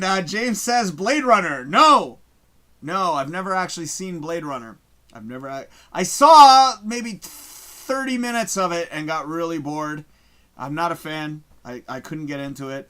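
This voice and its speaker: A man's voice: fairly high pitch, pushed and bright. Profane, rambling male livestream host. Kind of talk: casual live chat reading viewer comments.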